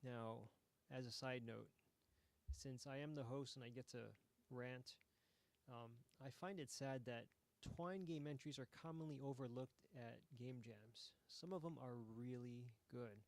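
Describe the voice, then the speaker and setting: A man hosting a game jam, giving relaxed, hesitant commentary with frequent ums while playing a game. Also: mid-range voice, unhurried.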